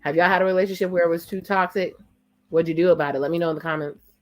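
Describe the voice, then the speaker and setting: A woman's voice: on the low side, steady tone, racing, soft background music. A woman hosting a casual watch-along, chatting in slang and retelling a reality show's dialogue with blunt asides to her viewers. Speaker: watch-along reaction host. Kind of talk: casual reaction commentary.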